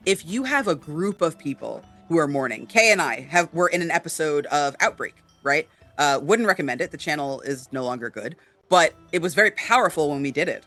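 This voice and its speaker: A woman's voice: deep voice, animated, brisk, a bit bright, faint music behind. A woman co-hosting a casual chat about tabletop games, with lots of fillers, often checking in with "right?". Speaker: podcast co-host.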